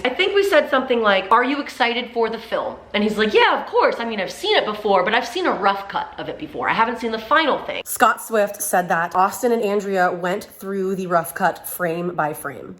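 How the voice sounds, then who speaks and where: A young woman vlogger telling an animated, chatty story full of fillers in a sit-down video. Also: on the high side, reverberant. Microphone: camera mic in sit-down video.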